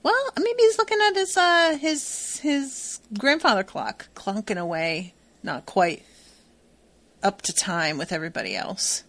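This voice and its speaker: A woman's voice: mid-range voice, animated, unhurried, fairly bright tone. A woman co-hosting a podcast, chatting casually and retelling scenes with acted-out quotes and frequent laughs. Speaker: podcast co-host. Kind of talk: casual chat recapping a TV episode.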